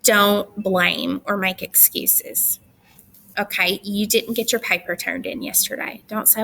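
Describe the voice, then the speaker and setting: A woman's voice: mid-range voice, fairly even intonation, slow, creaky, sharp tone. A young adult woman teacher giving recorded instructions to her students, chatty and firm with teasing asides.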